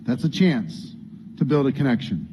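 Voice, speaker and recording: With a mid-range, dark-toned voice at normal speed, a very animated business coach addresses a training group in an earnest, conversational way and acts out what people might say. Slight background noise and faint room ambience come through the dull lo-fi sound.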